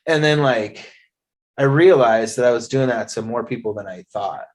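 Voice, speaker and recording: Man in his thirties, middle pitch, blunt storyteller who swears freely, casual interview host. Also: normal speed. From Eastern Oregon. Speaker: podcast host.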